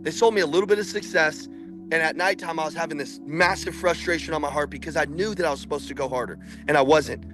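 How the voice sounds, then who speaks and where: A man coaching salespeople in an intense, preachy motivational speech that builds to shouting. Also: fairly high pitch, fast, music in the background.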